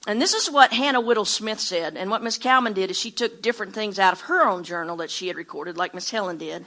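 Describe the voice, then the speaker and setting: An older woman with an Alabama Southern accent gives a homey, conversational sermon to a small group. Her voice is bright and of middling pitch. She tells stories, acts out the quotes in them, and often trips over and repeats her words as she goes. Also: quick pace. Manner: storytelling with acted-out quotes. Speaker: Bible teacher.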